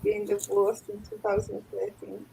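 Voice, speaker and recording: A woman's voice: medium pitch, big pitch swings, normal speed, creaky, warm tone, rough recording. Blunt woman in her thirties, faint hiss. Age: 30s. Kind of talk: casual chat.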